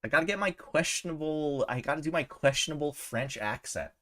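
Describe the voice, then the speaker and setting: A man's voice: a little high, expressive, a little fast, pushed and bright. A man streaming a game, chatting in a joking, laid-back way. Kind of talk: casual gameplay chat.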